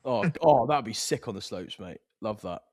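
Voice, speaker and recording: A man co-hosting a podcast in casual banter, laddish and quick to laugh, swearing and calling people mate. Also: fairly low pitch, animated, darkish tone, dry recording, clean studio sound. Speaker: podcast co-host. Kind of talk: casual banter among friends.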